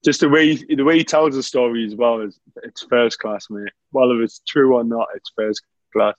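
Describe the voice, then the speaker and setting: A man's voice: mid-range voice, fairly even intonation, moderate pace, no echo, dull audio. A man telling stories in a casual chat, laughing often and saying "mate" constantly. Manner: laughs a lot while telling anecdotes, says "mate" constantly.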